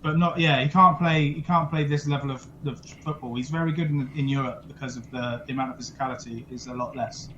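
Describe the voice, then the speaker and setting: A man's voice: mid-range voice, steady tone, fast, hardly any pauses, dull audio, background noise. Blunt, sweary young man. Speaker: football podcast co-host. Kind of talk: casual football chat. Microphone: video call.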